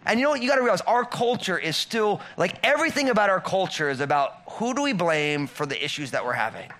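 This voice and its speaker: A man's voice: high-pitched, expressive, fast, pushed and bright. A middle-aged man preaching a sermon in a conversational way, with many rhetorical questions and emphatic repetitions. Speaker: pastor.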